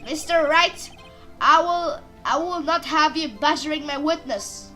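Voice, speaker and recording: A woman voicing a haughty, cold male prosecutor in a game, talking in a low, measured, sneering way. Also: sharp tone, soft background music.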